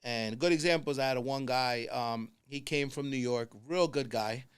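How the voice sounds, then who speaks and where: Animated New man telling stories. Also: medium pitch, normal speed, clear, resonant tone. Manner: animated storyteller, acts out quoted people. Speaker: podcast guest, construction consultant. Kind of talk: casual conversation.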